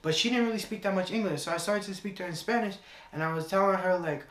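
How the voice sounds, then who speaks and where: A man's voice: sits high, quick pace, a bit bright, reverberant. A young man preaching a sermon, telling a personal story in an earnest way and repeating key phrases.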